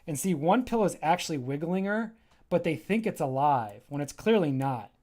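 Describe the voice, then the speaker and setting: A man's voice: fairly high pitch, expressive, moderate pace, darkish tone. A man giving an enthusiastic, rambling walkthrough of his graphic novel on a casual livestream, often breaking off mid-thought. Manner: enthusiastic, rambling and self-interrupting.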